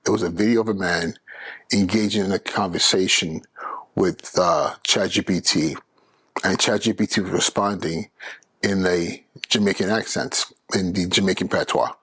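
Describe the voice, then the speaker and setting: Earnest male educator hosting a solo podcast; low, husky voice. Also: fairly even intonation, normal speed, a bit bright, no room sound. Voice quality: earnest and persuasive, with frequent restarts.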